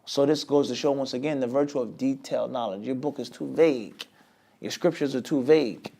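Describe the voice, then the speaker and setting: A man teaching an Islamic lesson, often asking a rhetorical question and answering it himself, with sudden swings between loud and quiet. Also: mid-range voice, brisk, vocal fry. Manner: lively, with many sudden rises and drops in loudness. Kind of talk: lecture class.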